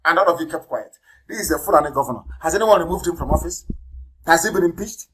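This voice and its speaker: A Nigerian-accented man delivers a heated live radio address. He hammers points home by repeating words. His voice jumps from loud outbursts to low, muttered asides. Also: lively intonation, quick pace, slight background noise, rough recording. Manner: fiery, denouncing, emphatic repetition. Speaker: political leader broadcasting on radio.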